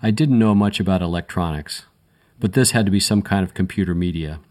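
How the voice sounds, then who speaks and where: A man reads a first-person crime story aloud in a very deep voice. His delivery is measured and matter-of-fact, with a dry edge throughout. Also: darkish tone. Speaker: audiobook narrator.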